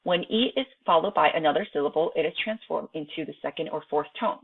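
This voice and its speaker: A woman teacher, native in Chinese, with a low voice and a gravelly edge to it. She reads out the lesson and then talks to her students in a loose, chatty way, checking in with "right?" again and again. The sound is thin and narrow, as if it came through a phone line. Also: fast talker, hardly any pauses. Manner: reads textbook aloud, then chats to students with frequent "right?" tags. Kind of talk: recorded online lesson. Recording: tinny phone-like home recording.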